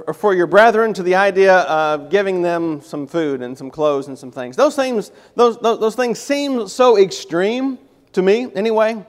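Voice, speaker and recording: A man's voice: high-pitched, big-room sound. A man reading a Bible passage and then explaining it as a lesson, often correcting himself mid-sentence. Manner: reads scripture then explains it, with restarts and self-corrections. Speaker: Bible teacher.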